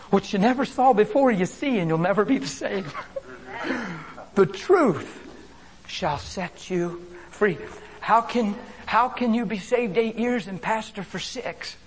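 Male preacher, high voice, fervent sermon delivery, hushed whispers and loud cries, calls out to congregation. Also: a little slow, slight background noise. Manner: impassioned, swings between hushed whispers and loud exclamations; repeats phrases and calls out to the congregation.

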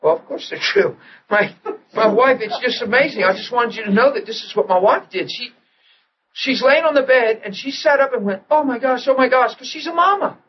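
A man preaching a sermon, telling a personal story with animated delivery and hushed, tender moments. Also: very high-pitched, fairly quick, highs cut off, a little hiss or hum. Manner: animated storyteller who acts out quotes and drops to a hush in tender moments.

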